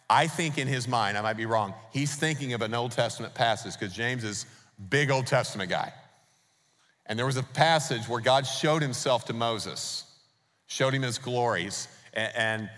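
A man's voice: mid-range voice, fairly bright tone. Emphatic male pastor in a reverberant hall. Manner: emphatic, poses rhetorical questions to the congregation. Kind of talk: sermon. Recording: long reverb of a large hall.

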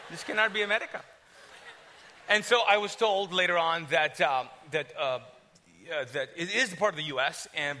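A young man from Kuwait telling his testimony to a live audience on stage. He is animated, acts out his own past dialogue, and swings between loud and hushed delivery. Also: sits high. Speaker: speaker sharing a testimony. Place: stage before a crowd.

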